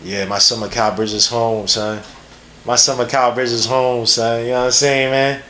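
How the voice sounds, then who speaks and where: A man hosting a podcast and giving live, rambling, slang-heavy draft commentary. He is excitable and jumps quickly from one thought to the next. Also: medium pitch, a little hiss or hum. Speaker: podcast host.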